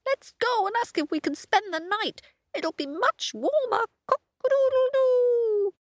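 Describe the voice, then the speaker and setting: A woman voicing a male cockerel in a storybook tale, high and shrill, ending in a crow. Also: big pitch swings, moderate pace, fairly bright tone, no room sound, exaggerated voice. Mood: eager. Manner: shrill, crowing.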